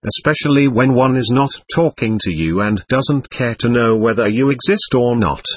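A man reading a novel aloud, voicing a proud teenage schoolboy who talks in a brisk, earnest and irritable way. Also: medium pitch, slightly rough, dry recording, natural voice.

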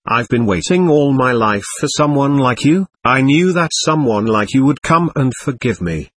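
A man's voice: mid-range voice, expressive, moderate pace, breathy edge, dry recording. A man voicing a passionate, distraught young woman in a storybook reading, with a pleading, overwrought delivery. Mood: heartfelt.

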